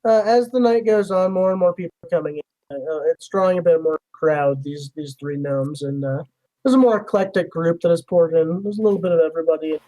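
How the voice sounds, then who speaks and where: A man's voice: a little high, a little fast, warm tone, low-quality recording. A man narrating a tabletop game as game master in a loose, rambling way, full of fillers.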